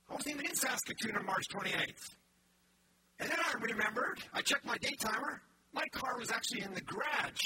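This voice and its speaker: Male pastor, high-pitched, chatty sermon style full of asides; distant mic with noisy background. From Canada. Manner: storytelling with many restarts and asides.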